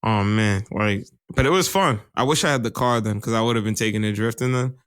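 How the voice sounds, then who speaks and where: A man's voice: lowish voice, fairly quick, a bit bright, clear, resonant tone, no echo, studio quality. A man co-hosting a podcast in casual, rambling chat, swearing and laughing often. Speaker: podcast co-host.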